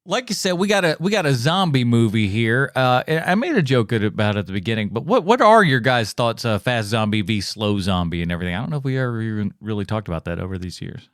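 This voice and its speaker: A man co-hosting a movie podcast, playful and quick to laugh in casual chat. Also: mid-range voice, big pitch swings, no room sound, clean studio sound. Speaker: podcast co-host.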